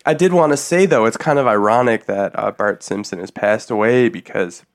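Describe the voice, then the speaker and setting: A man's voice: medium pitch, normal speed. Playful man telling a funny story. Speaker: podcast co-host. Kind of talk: casual comedic chat.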